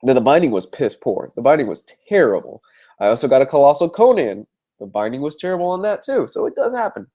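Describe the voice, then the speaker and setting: A man's voice: mid-range voice, big pitch swings, fast talker, mellow. A young man with a congested voice, answering viewer questions in a casual live-stream chat about comic books, talking in a rambling way with frequent restarts. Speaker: comic book reviewer.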